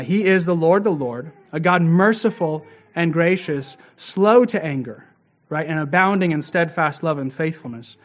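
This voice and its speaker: A man preaching a sermon, earnest and steady, with frequent "uh" fillers and rhetorical "right?" checks to the congregation. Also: a little high, dull audio. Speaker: pastor.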